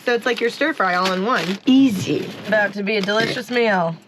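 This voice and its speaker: A woman's voice: mid-range voice, brisk, background noise. A woman in her thirties chatting upbeat in a casual travel vlog from a camper van. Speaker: travel vlogger.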